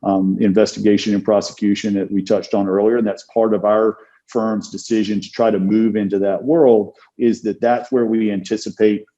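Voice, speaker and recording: A man with a low, mellow voice talks through an interview as a criminal defense attorney. He is measured and thoughtful and fills his pauses with ums and uhs. The sound is dull and lo-fi. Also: little pitch movement. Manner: measured, thoughtful, with many fillers. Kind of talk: casual interview talk.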